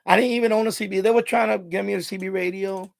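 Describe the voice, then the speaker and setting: A middle-aged man with a rather high, gravelly voice tells stories in a loose, rambling way. He laughs often and circles back on his own phrases. The sound is close and dry, with almost no room around him. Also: fairly even intonation, quick pace, no room sound. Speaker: live stream host. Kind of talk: casual storytelling monologue.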